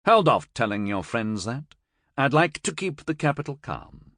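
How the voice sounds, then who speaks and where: A man's voice: mid-range voice, big pitch swings, normal speed, a bit bright, dry recording, studio quality, voice pushed up. A man voicing a stern, cold older male military commander who speaks in clipped, authoritative orders. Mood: grim. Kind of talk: audiobook character voice.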